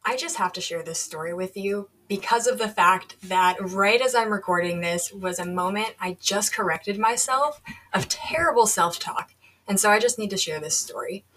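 A woman's voice: on the low side, a bit bright, recorded from a distance, rough recording. A woman hosting a solo podcast, talking earnestly and reflectively about coaching herself. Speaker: podcast host.

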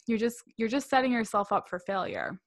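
A woman's voice: on the high side, big pitch swings, a little fast, dry recording, studio quality. A young woman co-hosting a podcast, chatting casually and rambling with lots of "like" and "you know". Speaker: podcast co-host.

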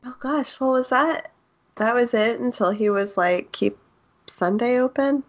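Woman cohost on an anime podcast, slow unhurried talk, a bit of vocal fry, laughs a lot. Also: a little high. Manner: laughs often, recaps the plot with fillers. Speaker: podcast co-host. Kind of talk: casual chat.

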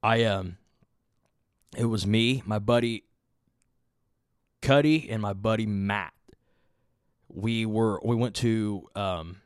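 A man's voice: fairly low pitch, takes it slowly, long pauses, clear, resonant tone, no echo, studio quality. A young man hosting a podcast, telling a long rambling story with lots of swearing and filler words. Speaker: podcast host. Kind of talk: casual storytelling.

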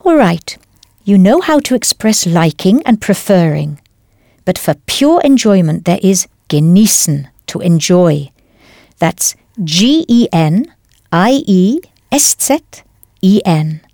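Female instructor, patient and clear, scripted lesson narration, dry booth. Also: fairly low pitch, big pitch swings, takes it slowly, mellow, no room sound. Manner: patient, clear, explains step by step. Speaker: language teacher.

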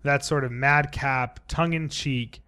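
A young adult man co-hosting a podcast, talking about films in a casual, animated, opinionated way. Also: mid-range voice, takes it slowly, smooth. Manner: animated, profane, opinionated film enthusiast. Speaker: podcast co-host. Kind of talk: casual chat.

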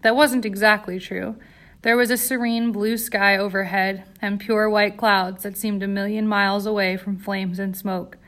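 A woman narrating an audiobook in a steady, dramatic storytelling voice. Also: mid-range voice, normal speed.

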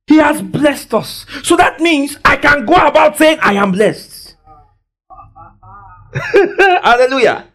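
During a church service, a man preaches a sermon, quizzing the congregation in call-and-response style and frequently bursting into shouts. His pitch is extremely high with big swings, and he speaks at a slow pace.

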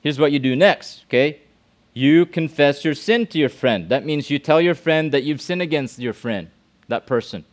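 A man's voice: fairly high pitch, animated, normal speed. A middle-aged male pastor giving a youth sermon in a conversational way, often asking the room questions and repeating himself.

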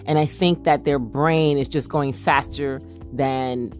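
Casting: low-pitched mom vlogger, slight Jersey twang, chatty, soft music bed. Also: female voice, fairly even intonation. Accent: slight New Jersey. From New Jersey, US. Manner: chatty, quick, with fillers. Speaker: family vlogger, mother. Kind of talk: casual chat.

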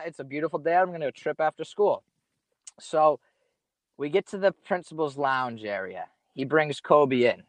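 A man's voice: on the high side, very animated, a little slow, a bit bright, no echo. Young man telling a rambling, profane story. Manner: profane, rambling, laid-back slang. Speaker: podcast guest storyteller. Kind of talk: casual storytelling chat.

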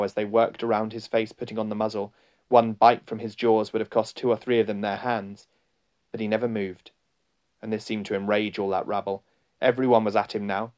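Male storybook narrator, low voice, unhurried dramatic reading. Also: a little mellow. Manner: slow, deliberate, dramatic. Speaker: audiobook narrator.

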